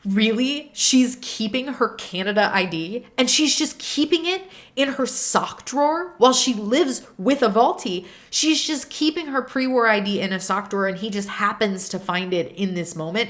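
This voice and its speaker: Young woman host, unscripted exasperated rant, pitch jumping up when riled. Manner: animated, exasperated ranting. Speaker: video essay host. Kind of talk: unscripted reaction commentary.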